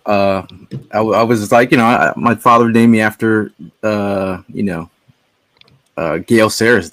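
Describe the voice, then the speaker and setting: Low-voiced man telling a rambling story. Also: no room sound. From Connecticut. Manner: rambling storyteller with many fillers and restarts. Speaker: podcast guest. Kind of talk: casual chat.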